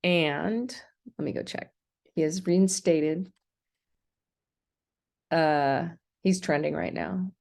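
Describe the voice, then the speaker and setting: Gravelly american lady venting on her stream, kinda low voice, lots of ums. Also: fairly even intonation, slow, long pauses, darkish tone. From United States. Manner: indignant, rambling, many ums and restarts. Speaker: vlogger. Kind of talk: ranting livestream monologue.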